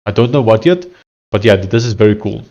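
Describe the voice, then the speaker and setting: A man's voice: on the low side, expressive, fast, warm tone, muffled recording. A South African man talking casually as he codes, thinking aloud and hesitant, often restarting his sentences. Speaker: software developer streamer. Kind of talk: casual live-coding commentary.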